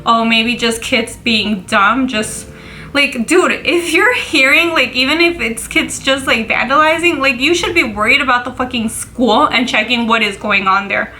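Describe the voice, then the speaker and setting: A woman's voice: a little high, normal speed, sharp tone, a little hiss or hum, rough recording. A young woman, candidly retelling a painful personal story in a profane, emotional vlog. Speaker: vlogger.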